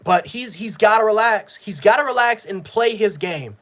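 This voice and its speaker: A man giving a live sports reaction, frustrated and profane, swinging between yelling and low muttering. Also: expressive, normal speed. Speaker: sports fan streamer.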